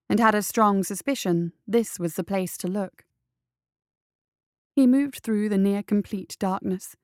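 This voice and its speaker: A woman's voice: medium pitch, smooth, no echo. Woman reading a story in a dry, close voice. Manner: measured, deliberate reading. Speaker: story reader. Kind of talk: scripted narration of a fantasy story.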